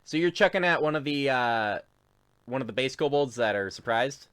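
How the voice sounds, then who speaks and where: Relaxed, lively-voiced man running a tabletop game. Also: medium pitch, moderate pace, clean tone. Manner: laid-back, laughs often, lots of fillers. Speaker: game master.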